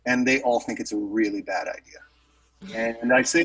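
Husky man telling a rambling story. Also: on the low side, moderate pace, a bit bright, far from the mic, poor audio. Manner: rambling, many fillers and restarts. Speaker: guest musician telling a story. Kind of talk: casual storytelling.

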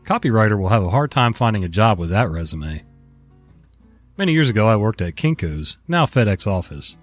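Male host, low-pitched and nasal with a cold, lively story read, wry tone, soft guitar behind. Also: brisk. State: stuffy nose from a cold. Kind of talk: reading a story aloud.

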